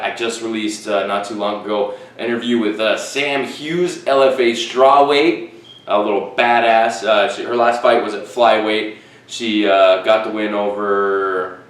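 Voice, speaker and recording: A man with a fairly low voice hosts his podcast from his living room, rambling in a loose, profane way and stopping often to correct himself. He sits back from the mic, and the room around him rings with heavy echo. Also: recorded from a distance. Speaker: podcast host. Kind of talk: casual solo podcast chat. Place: living room with fish tank and fan. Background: fish tank, fan, dogs outside.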